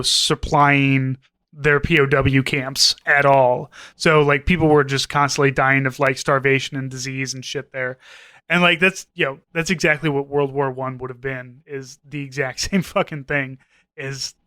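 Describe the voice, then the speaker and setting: Podcast guy rambling thru a story, bright clear voice, dry mic. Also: medium pitch, steady tone, normal speed, no echo. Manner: rambling, retells scenes with quoted voices, swears. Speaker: podcast co-host. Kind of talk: casual chat.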